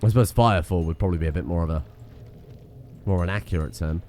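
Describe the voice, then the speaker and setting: A man's voice: deep voice, fast talker, a little mellow, slight background noise. A man giving casual let's-play commentary, rambling, self-mocking and swearing freely as he plays. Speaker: gaming streamer.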